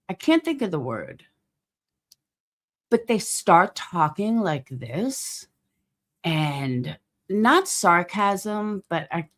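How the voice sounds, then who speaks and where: A woman with a slightly low voice hosts a casual stream, and her pitch jumps around a lot as she talks. She rambles bluntly, swears freely and keeps losing her word mid-sentence. She stops now and then to greet people in the chat. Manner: rambling, blunt and profane, gropes for words; reads and greets chat viewers. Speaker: livestream host.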